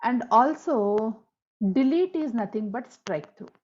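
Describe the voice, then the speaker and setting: A woman's voice: a little high, expressive, slow, a little mellow. A woman teaching a screen-recorded coding lesson, explaining step by step, spelling out tag names and repeating key points. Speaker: programming tutor. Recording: dull lo-fi audio.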